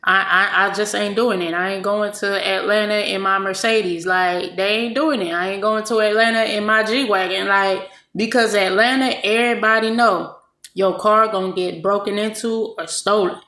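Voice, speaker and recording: Slangy bright-voiced woman vlogger. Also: medium pitch, fairly even intonation, normal speed, reverberant. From California. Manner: slangy, emphatic, repeats herself. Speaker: vlogger commenting on a clip. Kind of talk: casual commentary.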